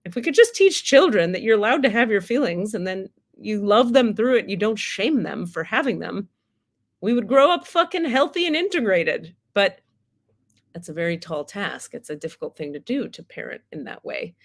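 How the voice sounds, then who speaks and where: A woman's voice: mid-range voice, very animated, moderate pace. A woman hosting a spiritual livestream, talking candidly and casually, swearing freely and laughing often.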